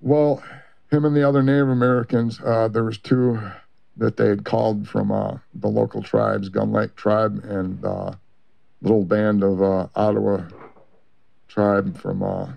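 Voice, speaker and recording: A man giving a long, rambling personal account in an interview, halting with many fillers and restarts. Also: lowish voice, creaky. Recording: muffled lo-fi recording.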